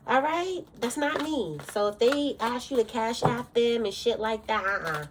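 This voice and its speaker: A woman's voice: a little high, a little slow, heavy background noise. A woman giving a casual tarot reading, fiery and direct, cursing freely, bothered by allergies. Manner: blunt, fiery, cursing often. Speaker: tarot reader.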